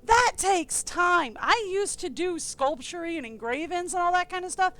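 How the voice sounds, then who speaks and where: High bright-voiced woman streamer. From eastern United States. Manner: chatty, animated, quick asides. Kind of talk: casual game commentary and reading aloud.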